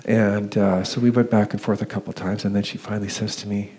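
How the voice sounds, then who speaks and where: A deep-voiced man speaks at a talk, recounting his experience in a loose, conversational way. His delivery is hesitant, full of fillers and restarts. He slips into higher voices for the people he quotes. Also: fairly even intonation, fast, few pauses, mellow. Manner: acts out quoted dialogue with raised pitch. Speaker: conference speaker. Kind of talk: personal story told as a lecture.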